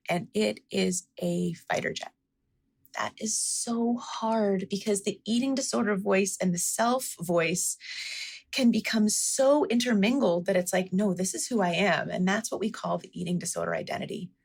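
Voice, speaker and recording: A woman's voice: mid-range voice, gravelly, breathy edge. A woman physician answering interview questions in an earnest, explanatory way, stressing each word in a list. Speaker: physician guest.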